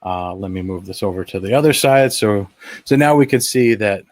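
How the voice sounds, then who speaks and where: A man's voice: fairly low pitch, lively intonation, normal speed, dry recording. A man presenting a live webinar, narrating his own demo video in a casual, enthusiastic, explanatory way with frequent fillers and restarts. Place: at home.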